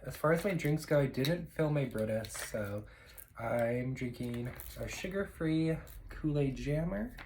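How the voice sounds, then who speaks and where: A man's voice: mid-range voice, a little mellow, slight background noise, poor audio. A man chatting casually to his viewers while eating at home, rambling with lots of fillers. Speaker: vlogger. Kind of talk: casual eating vlog chat.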